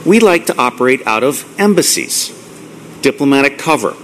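A middle-aged man giving a live lecture to an audience, blunt and profane, ranting excitedly. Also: mid-range voice, moderate pace, slight background noise. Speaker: conference speaker.

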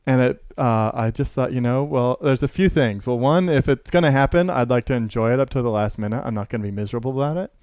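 Animated storytelling man, dry close sound. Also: medium pitch, quick pace, few pauses, no room sound. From Seattle area, US. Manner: animated storyteller, laughs often, acts out quotes. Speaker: teacher and maker, interview guest. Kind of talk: casual conversational interview.

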